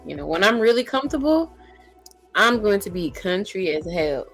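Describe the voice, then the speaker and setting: A woman with a Southern American accent co-hosting a podcast, telling stories in slangy, animated casual talk. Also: mid-range voice, moderate pace, faint music behind. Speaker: podcast co-host. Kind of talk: casual chat.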